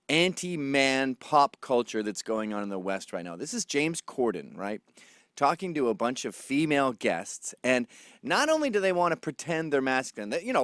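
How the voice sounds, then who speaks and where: A man's voice: medium pitch, big pitch swings, moderate pace, fairly bright tone, no echo, studio quality. A man hosting a comedic rant commentary in a sarcastic, mocking manner. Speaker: host.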